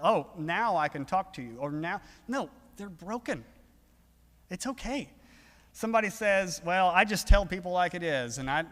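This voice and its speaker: A man preaching an evening sermon in an earnest, conversational way, pausing and restarting as he talks. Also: on the high side, a bit bright. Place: church sanctuary. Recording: long reverb of a church hall.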